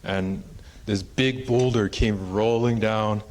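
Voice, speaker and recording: A man with a fairly low voice tells a traditional story at a conference, rambling casually and dotting his speech with fillers. His delivery is relaxed and conversational. A faint hiss sits under the recording. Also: slow. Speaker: presenter and storyteller. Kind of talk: oral storytelling in a conference talk. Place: conference hall.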